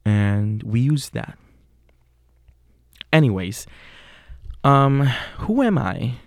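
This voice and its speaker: A young man with a Puerto Rican accent hosting a podcast, talking in an unhurried, casual way with many fillers and self-corrections. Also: mid-range voice, very animated, no room sound, clean studio sound. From Puerto Rico. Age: young adult. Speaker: podcast host.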